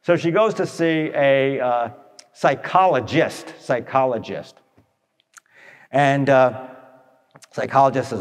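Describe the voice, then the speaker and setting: A man telling stories to an audience in a blunt, animated way, tossing in rhetorical questions. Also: mid-range voice, takes it slowly, pauses often. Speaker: speaker addressing an audience. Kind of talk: storytelling talk to an audience. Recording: long echoey hall reverb.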